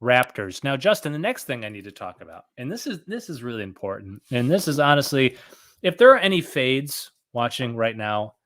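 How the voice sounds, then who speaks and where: Joking, halting male podcast host. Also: mid-range voice, sing-song, fairly bright tone. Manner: halting, joking, many fillers. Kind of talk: casual chat.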